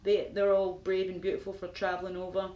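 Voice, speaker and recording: A woman's voice: mid-range voice, monotone, a little fast, warm tone, highs cut off. A Glaswegian woman live-streaming, chatting to viewers in a rambling, filler-heavy way with frequent laughs. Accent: Glaswegian Scottish. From Scotland. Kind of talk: casual live-stream chat answering viewers. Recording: roomy echo with faint noise.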